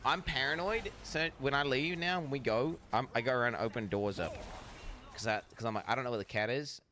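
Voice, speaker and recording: A man's voice: mid-range voice, brisk, a little hiss or hum. A young man streaming, chatting casually and rambling with lots of swearing as he reacts to videos. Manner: profane, rambling, animated. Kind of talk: casual chat.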